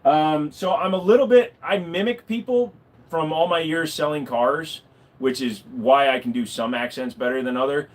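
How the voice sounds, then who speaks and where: A man's voice: on the high side, normal speed. A man chatting casually on a livestream, rambling and swearing freely. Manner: animated, swearing, rambling with fillers. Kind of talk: casual live-stream chat.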